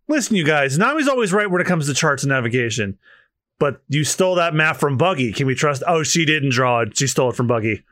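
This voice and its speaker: Excitable male podcast co-host, bright tone, lots of pitch movement, dry close mic. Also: fast talker, no echo. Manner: excitable, laughing, animated. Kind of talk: casual chat, reading manga aloud.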